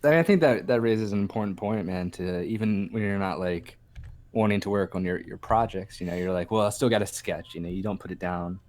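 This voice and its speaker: A man's voice: low voice, a little fast, darkish tone. A young man co-hosting a casual podcast, upbeat and chatty, often repeating words as he starts a sentence. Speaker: podcast co-host. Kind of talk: casual chat.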